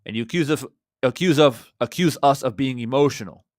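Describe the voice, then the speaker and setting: A man hosting a fan reaction channel, talking in an impassioned, rhetorical way that swings between loud and quiet. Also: mid-range voice, fairly quick, no room sound, clean studio sound. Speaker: boxing channel host.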